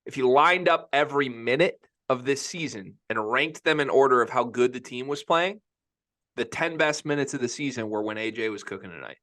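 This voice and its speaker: A man's voice: medium pitch, a little fast, a bit bright. A young man co-hosting a casual sports podcast, opinionated and emphatic, often repeating himself as he makes his point. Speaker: podcast co-host.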